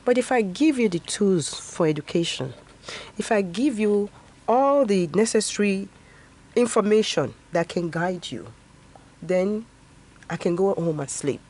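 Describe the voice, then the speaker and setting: A woman in her fifties, a guest in a casual interview, speaks earnestly about education and often breaks into laughter. Her medium-pitched voice has lively intonation, a measured pace, and a slightly mellow quality.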